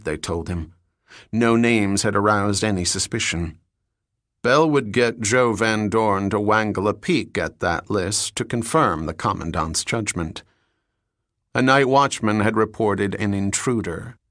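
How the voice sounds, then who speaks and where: A man narrating an audiobook in a steady, even storytelling manner. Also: lowish voice, no echo, clean studio sound.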